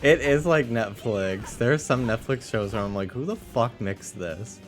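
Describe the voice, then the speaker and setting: A man streaming a game from his room at home, chatting casually, swearing freely and often breaking into loud laughter. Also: medium pitch, moderate pace, faint music behind. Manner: profane, laughs loudly, rambling asides. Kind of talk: casual gaming stream chat.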